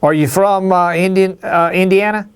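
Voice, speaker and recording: A man's voice: high-pitched, steady tone, normal speed, clean tone. A man from Alabama, hosting a hunting call-in show in a folksy, rambling way. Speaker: radio show host. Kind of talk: casual call-in chat.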